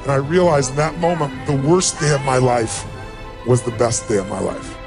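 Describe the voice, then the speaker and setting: A man's voice: medium pitch, moderate pace, creaky, over music. A middle-aged man giving a motivational speech, telling a personal story with emotion and rising to emphatic peaks. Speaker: motivational speaker.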